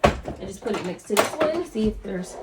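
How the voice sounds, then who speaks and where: A woman vlogger chatting casually and gushing excitedly while unboxing a sewing machine. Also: mid-range voice, normal speed, very noisy.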